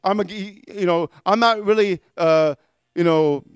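A halting, evasive preacher who stumbles over every phrase with "uh" and "you know", as a man mocks him in a sermon. The voice drops lower and quieter than the speaker's own, with a smooth tone. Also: no room sound, clean studio sound. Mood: mumbling evasive. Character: hesitant, evasive male preacher, stammering.

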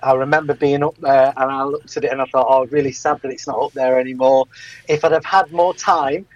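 A man's voice: medium pitch, fairly even intonation, a little fast, no echo, highs cut off. A man in casual radio chat, chatty and laughing often as a guest presenter.

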